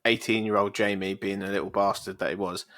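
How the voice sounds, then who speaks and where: Lad on a podcast, lowish voice but bright and punchy, swears a lot, dry sound. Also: male voice, level tone, quick pace, no echo. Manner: sweary, laughing, teasing. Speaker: podcast co-host. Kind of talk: casual chat.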